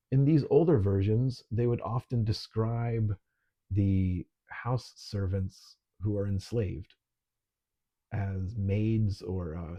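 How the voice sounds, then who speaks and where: Low husky guy teaching a book class online, easygoing, kinda dull lo-fi audio. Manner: relaxed, conversational, with frequent ums. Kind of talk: recorded online lesson.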